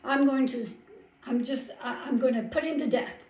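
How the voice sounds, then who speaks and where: A doting king, easily delighted and quick to rage, as a woman storyteller puts him on. His voice sits fairly high and rings in an echoey room. He speaks in bursts of exclamation. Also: lively intonation, a little mellow. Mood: furious.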